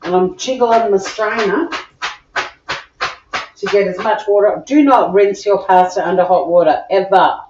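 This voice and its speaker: Australian woman, home cook host, bubbly live-stream chatter, mid pitch, slightly muffled lo-fi sound. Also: a little slow, background noise. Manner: bubbly, chatty, talks to viewers while cooking. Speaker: cooking show host. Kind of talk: live-streamed cooking chat. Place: home kitchen.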